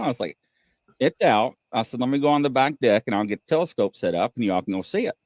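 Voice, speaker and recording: A middle-aged man, hosting a casual live-stream chat and telling stories in an animated way. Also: medium pitch, brisk, dry recording, studio quality. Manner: animated storyteller, acts out voices. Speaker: host.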